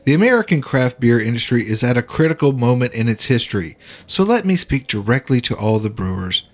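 A man's voice: mid-range voice, big pitch swings, brisk, lightly acted. A man reading a parody sponsor ad in a mock-earnest, pleading announcer voice.

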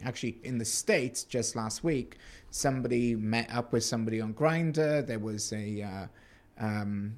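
A man's voice: mid-range voice, moderate pace. Male podcast co-host, chatty and wry, prone to restarts. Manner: chatty, joking asides, frequent restarts. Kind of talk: casual news chat.

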